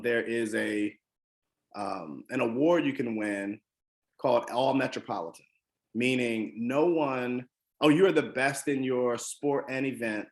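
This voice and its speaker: A man from the Washington DC area telling a personal motivational story, earnest and emphatic, with frequent ums and restarts. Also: medium pitch. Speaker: motivational speaker.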